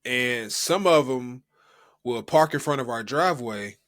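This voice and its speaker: Man, American, young adult, podcast co-host, casual chat, rambling, lots of fillers, medium pitch. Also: lively intonation, unhurried, a bit bright. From United States. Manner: rambling storytelling with many fillers.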